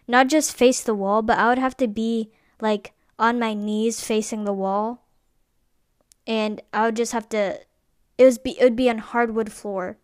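Young woman rambling about her childhood, kinda high voice, dry close sound. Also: clear, resonant tone, no echo. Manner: rambling, filler-heavy, frequent restarts. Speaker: podcast host. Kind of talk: casual personal storytelling.

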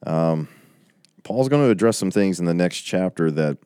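Bible study teacher, man, forties, very deep, dry close sound, chatty and emotional. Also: animated, moderate pace, dark tone, clean tone, no echo. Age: 40s. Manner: chatty, reading out viewer comments. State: tearing up. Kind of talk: casual livestream Bible study wrap-up.

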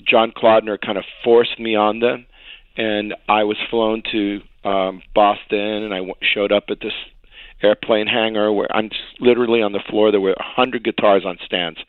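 Animated male storyteller on a phone-like line. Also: on the low side, normal speed, no echo. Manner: animated storyteller, acts out quotes, laughs often. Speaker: songwriter guest. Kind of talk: storytelling interview. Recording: tinny phone-like dry sound.

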